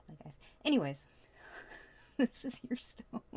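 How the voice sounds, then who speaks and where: A woman's voice: fairly high pitch, very animated, takes it slowly, vocal fry, a little mellow, husky. A woman giving a casual tarot reading, chatty and prone to rambling. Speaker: tarot reader.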